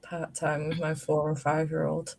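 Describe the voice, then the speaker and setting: A woman's voice: deep voice, monotone, moderate pace, vocal fry, darkish tone. A woman, telling stories in a casual chat and swearing freely. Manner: chatty storyteller, swears casually. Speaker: host.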